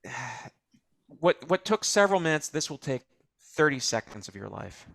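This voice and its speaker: A man co-hosting a comedy show, dry and rambling with hesitant fillers, pitching a clip. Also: very animated, moderate pace, creaky, a bit bright. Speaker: co-host. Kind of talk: casual comedic chat.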